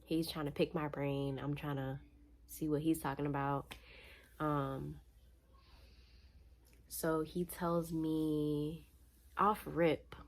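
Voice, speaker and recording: Lower-voiced woman telling a story, slangy. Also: slow pace, pauses often. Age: young adult. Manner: animated, slangy, laughing storyteller. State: tired. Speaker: vlogger. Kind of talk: casual storytime.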